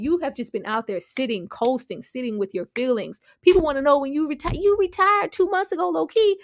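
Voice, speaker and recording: A woman giving a casual reaction review of a TV episode, slangy and animated, laughing often and swearing freely. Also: high voice, brisk, few pauses, dry recording, clean studio sound.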